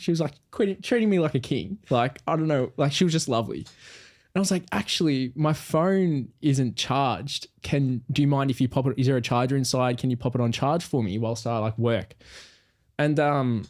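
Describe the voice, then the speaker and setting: A man's voice: mid-range voice, normal speed, darkish tone. A young man, a podcast co-host telling a story casually and animatedly, acting out quoted voices.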